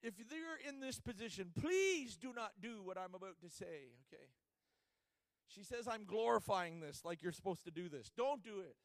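A man with a strikingly high voice delivers a sermon as a dramatic story. He plays out the voices of the people he tells about. The sound is close and dry, with no room echo. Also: expressive, normal speed. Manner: dramatic storyteller acting out quoted speech. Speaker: preacher.

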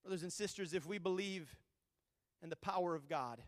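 A man's voice: high voice, brisk, dry recording, big-room sound. A male pastor preaching a sermon with fervent, repeated refrains.

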